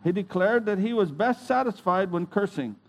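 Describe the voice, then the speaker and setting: A man reads a religious account aloud in a solemn, measured way. His voice sits high for a man. He takes the text deliberately and stumbles now and then on a word. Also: lively intonation. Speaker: reader.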